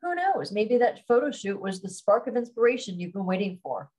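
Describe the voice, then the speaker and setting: A woman's voice: medium pitch, big pitch swings, fairly quick, a little mellow. A woman reading aloud, voicing a young woman's upbeat best friend who coaxes and comforts. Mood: coaxing. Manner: upbeat, coaxing, affectionate.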